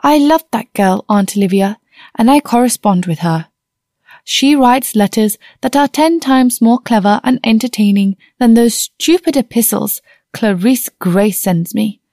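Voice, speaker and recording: A woman reading the part of a cheerful, outspoken young woman in an audiobook, bright and breezy. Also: a little high, a little slow, no room sound, studio quality. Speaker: niece.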